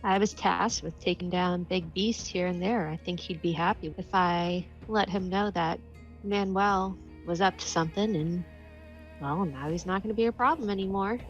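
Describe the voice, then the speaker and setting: A woman's voice: on the low side, normal speed, faint music behind, close to an everyday voice. A woman voicing a self-absorbed, disdainful female convict in a curt, dismissive way, in tabletop role-play. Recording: dull lo-fi mic.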